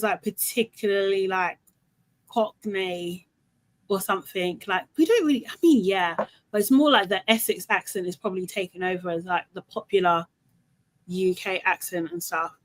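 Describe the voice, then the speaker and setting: A woman's voice: mid-range voice, rough recording. A woman hosting a casual chat, talking in a rambling way that often trails off mid-sentence. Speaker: podcast host.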